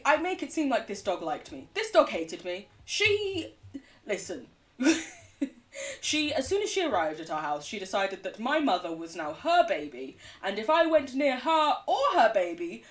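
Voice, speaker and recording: A woman's voice: a little high, sing-song, unhurried, a bit bright, recorded from a distance. A woman game streamer chatting casually and rambling as she plays, laughing often. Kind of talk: casual gaming chat.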